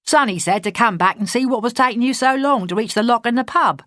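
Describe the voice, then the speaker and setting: A woman's voice: a little high, fast, a bit bright, dry recording, studio quality, voice pushed up, natural voice. A woman voicing a cheeky, skinny young man with a Cockney accent, cocky and full of slang.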